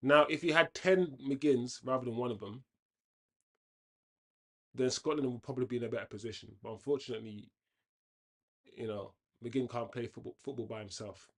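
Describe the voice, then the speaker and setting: Casting note: male streamer, casual live match chat, rambling asides, sudden loud outbursts at the game, mid-pitched everyday voice. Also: steady tone, normal speed, long pauses. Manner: chatty, reacts loudly to the game, rambling tangents. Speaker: host of a football watchalong.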